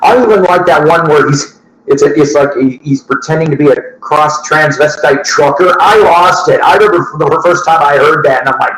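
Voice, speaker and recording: A man's voice: fairly high pitch, moderate pace, fairly bright tone. A man hosting a record-collecting show, chatting loosely to viewers, swearing and laughing at his own asides. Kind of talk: casual rambling chat to viewers. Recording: echoey room.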